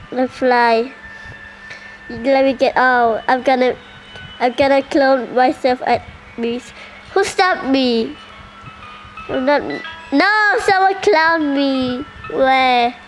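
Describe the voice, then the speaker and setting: A woman giving casual gameplay commentary, excitable and full of surprised questions. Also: high voice, takes it slowly, long pauses, soft background music, rough recording. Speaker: gaming channel host.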